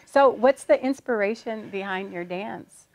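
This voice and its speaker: A woman interviewing a young dancer in a soft-spoken, encouraging way. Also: mid-range voice, a little slow, dry recording. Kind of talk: casual interview.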